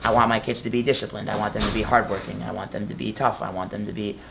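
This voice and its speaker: A man's voice: lowish voice, little pitch movement, fast, gravelly, background noise. A young man talking casually as an interview guest, rambling with lots of fillers. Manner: rambling, many fillers like "like" and "you know". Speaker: guest, college wrestler.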